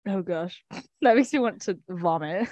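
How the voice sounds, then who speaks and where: A woman's voice: fairly low pitch, measured pace, darkish tone, dry recording. A young woman co-hosting a podcast in casual chat, rambling with lots of fillers. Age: young adult. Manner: chatty, fillers, laughs often. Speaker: podcast co-host.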